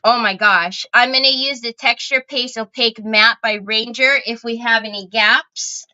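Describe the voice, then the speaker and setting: High, bright-voiced chatty woman. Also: steady tone, moderate pace, clear, resonant tone. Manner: chatty, talks straight to viewers. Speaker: crafting live-stream host. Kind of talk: casual live-stream chat. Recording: slightly dull lo-fi stream audio.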